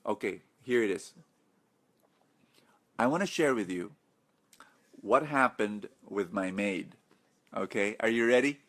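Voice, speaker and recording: A middle-aged man, a preacher hosting a live financial webinar, excitable and chatty, greeting viewers by name between points. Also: lowish voice, measured pace, pauses often. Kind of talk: live-streamed webinar talk.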